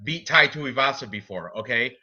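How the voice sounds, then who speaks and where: A man's voice: mid-range voice, animated, normal speed, pushed and bright, dull audio. A man co-hosting a casual podcast, talking through fight picks in a rambling, self-correcting way with casual swearing. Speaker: co-host giving fight picks.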